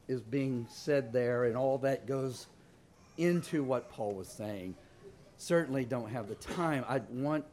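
A man preaching a sermon, emotional and fighting back tears at times, reading scripture in a measured cadence and building to fervent emphasis. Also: medium pitch, a little mellow, a little hiss or hum.

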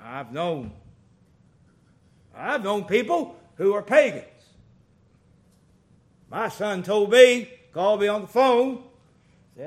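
Lively preacher, man with a high voice. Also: slow, pauses often. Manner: folksy, animated storytelling with big swings in loudness. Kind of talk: sermon.

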